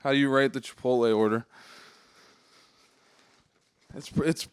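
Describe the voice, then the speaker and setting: A man's voice: mid-range voice, steady tone, fast talker, smooth, no room sound, studio quality. A young man co-hosting a podcast, talking in a laid-back, swearing, casual way. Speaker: podcast co-host. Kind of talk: casual chat.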